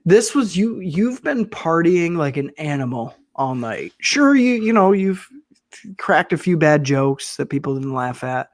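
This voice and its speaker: Podcast co-host, man, higher voice, wry and profane storyteller, dry studio sound. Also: sing-song, a little slow, no room sound. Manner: wry, profane, rambling metaphors. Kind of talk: casual wrestling review chat.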